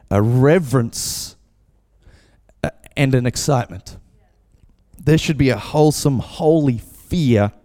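A man preaching a casual, animated sermon as pastor, acting out voices when he tells a story. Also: mid-range voice, long reverb tail. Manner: animated, acts out voices in anecdotes. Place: church.

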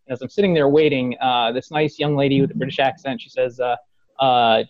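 A man's voice: fast talker, no room sound, lo-fi sound. A man hosting a podcast, telling a fan story in casual chat, acting out quotes, laughing and swearing. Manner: animated, acts out quotes with rising pitch, swears, laughs. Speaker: podcast host.

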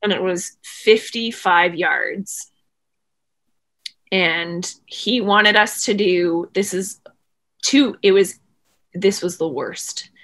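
A woman being interviewed, telling a long story in casual, animated talk full of "like" fillers. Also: on the low side, slow pace, long pauses. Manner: animated, rambling, frequent "like" fillers. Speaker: interview guest, former swimmer.

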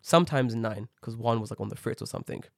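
A man telling an animated, heavily sworn rant about an airport in a casual chat, acting out the people he met. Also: mid-range voice, fast, creaky, dry recording, studio quality. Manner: animated ranting, swears a lot, acts out people.

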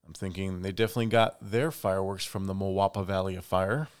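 A young man hosts his own podcast, delivering a chatty solo monologue full of strong opinions and animated asides. His voice is deep and smooth, and he talks a little fast.

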